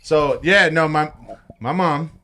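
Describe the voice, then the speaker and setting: A young man hosting a podcast, telling a story in casual chat, animated and profane, laughing often and acting out quotes. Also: on the high side, slow pace. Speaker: podcast host.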